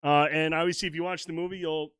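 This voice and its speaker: Excitable, foul-mouthed male co-host with a slightly high voice, dry close mic. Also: fast talker, clean tone, no room sound. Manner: swearing, excitable, plays along with jokes. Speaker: podcast co-host. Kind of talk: casual chat.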